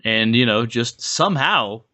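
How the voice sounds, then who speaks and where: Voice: mid-range voice, expressive, unhurried, bright, forceful tone. A comedy podcast co-host riffing playfully with jokes and asides. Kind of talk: casual podcast chat.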